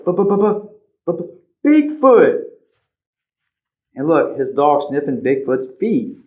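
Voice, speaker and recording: A man reading a picture book aloud to children as a librarian, animated, pointing out the pictures and asking questions. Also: on the high side, a little slow. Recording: slightly dull lo-fi recording.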